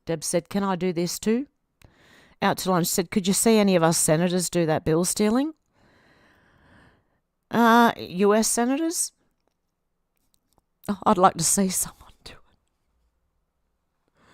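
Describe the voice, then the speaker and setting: A woman's voice: fairly low pitch, no room sound. Chatty Australian woman, dry close sound. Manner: chatty, reads out comments then reacts. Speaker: video host reading viewer comments. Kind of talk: casual live-stream chat.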